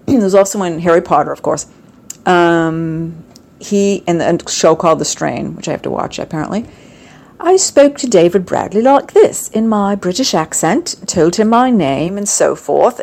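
Woman, middle-aged, casual chat, animated storyteller, lots of ums, slightly low voice. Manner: chatty, animated storytelling with many fillers.

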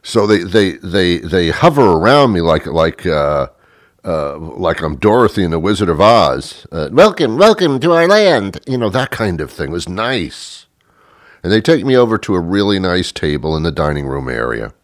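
A middle-aged man tells a rambling comic story with sarcastic, self-mocking asides. His voice sits low, yet he swoops up and down through his pitch range. The sound is dry and close, with no room around it. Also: lively intonation, normal speed, dry recording. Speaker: comedic storyteller. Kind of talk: comedic monologue.

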